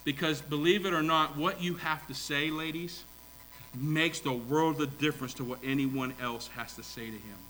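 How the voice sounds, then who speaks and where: A middle-aged man preaching a sermon in a bright, sharp voice that sits a little high for a man. He drives points home through repetition and questions to the congregation. Faint noise lies under the recording. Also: steady tone, normal speed, rough recording. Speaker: pastor.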